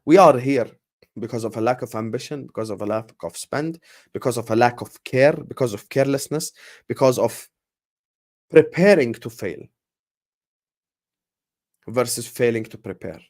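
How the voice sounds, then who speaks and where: A man's voice: mid-range voice, normal speed, pauses often. Fired-up man hosting a fan livestream. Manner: passionate, fired-up, shouting out viewers; repeats and restarts words when worked up. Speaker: football fan channel host. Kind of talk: casual livestream rant.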